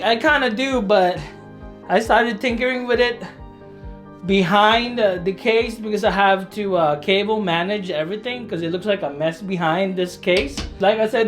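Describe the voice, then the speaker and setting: An adult in their thirties talking casually to camera at home while building a computer, rambling and chatty, with self-deprecating asides, lots of filler words and the odd excited whoop. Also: medium pitch. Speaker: hobbyist vlogger. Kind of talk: casual vlog narration while working.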